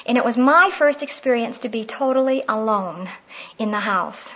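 A middle-aged woman speaks in a fairly high voice, teaching on prayer. She tells personal stories in a heartfelt, conversational way. The recording sounds dull and lo-fi. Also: lively intonation, moderate pace, sharp tone.

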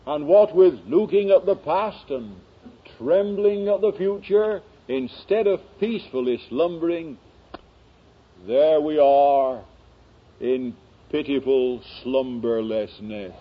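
A man preaching a sermon in slow, dramatic oratory that builds to emphatic peaks. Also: fairly high pitch, breathy edge, highs cut off.

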